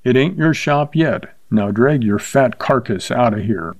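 Western saddle maker, big and quick to anger, in an audiobook; a man acts it. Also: medium pitch, animated, a little mellow. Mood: angry. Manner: gritted, angry, blunt. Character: big, hot-tempered young saddle maker.

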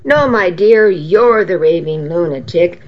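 A woman's voice: lowish voice, lively intonation, unhurried. A woman reading aloud and voicing a blustering, scornful middle-aged father, on a dull lo-fi recording.

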